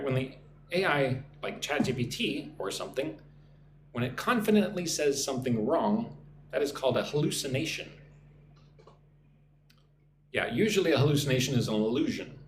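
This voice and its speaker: A man teaches English words on a live stream from a room in Vietnam, drilling pronunciation and frequently ending with "right?". His voice is medium in pitch, and he reads out and greets viewer comments, with roomy audio carrying slight hiss or hum.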